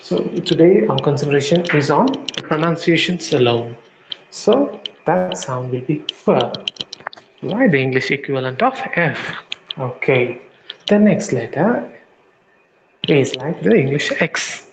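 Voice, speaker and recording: Male teacher, slow and deliberate, repeats sounds for students, slightly high voice, faint background noise. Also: expressive. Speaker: language teacher. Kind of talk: slow classroom-style lesson.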